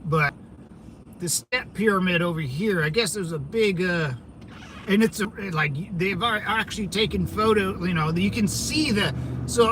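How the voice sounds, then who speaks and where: Man, high voice, rambling livestream chat, driving, loud traffic noise. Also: poor audio. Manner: rambling, loose, greets chat viewers by name. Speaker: vlogger streaming while driving.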